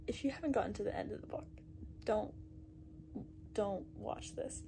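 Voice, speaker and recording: A woman's voice: on the high side, a little slow, pauses often, mellow, a little hiss or hum, rough recording. A young woman chatting in a casual reading vlog, breathless and anxious, sometimes dropping to a whisper. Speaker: book vlogger. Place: bedroom at night.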